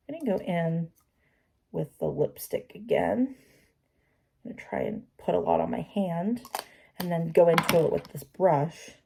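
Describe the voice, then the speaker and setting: Mellow-voiced woman chatting through makeup. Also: lowish voice, creaky, husky. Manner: chatty, talks to herself, self-deprecating asides. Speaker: makeup vlogger. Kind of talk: casual talk while doing makeup.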